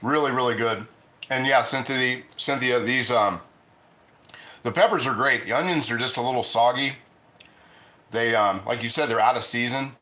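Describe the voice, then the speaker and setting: A middle-aged man hosts a laid-back cooking livestream from his home kitchen, chatting between bites and talking with his mouth full. He rambles and restarts often, with long pauses, in a mid-range voice at normal speed that sounds pushed and bright.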